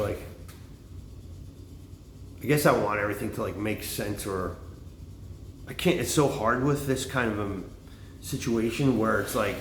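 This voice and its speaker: A man's voice: medium pitch, fairly bright tone, slight background noise. A man vlogging in a casual, rambling monologue, swearing often and full of fillers. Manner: rambling, profane, lots of fillers. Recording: roomy echo, faint ambience.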